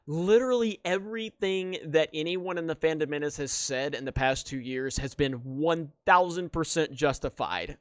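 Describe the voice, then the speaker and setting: A man's voice: on the high side, animated, moderate pace, no room sound, clean studio sound. A man hosting an opinionated commentary video, ranting in an exasperated, sarcastic way. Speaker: commentary channel host.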